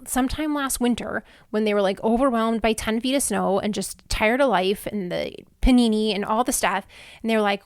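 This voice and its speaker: A woman's voice: fairly high pitch, no room sound, studio quality. A woman in her thirties hosting a casual solo podcast, chatty and heartfelt, with lots of "like" fillers. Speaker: podcast host. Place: Houston, Texas.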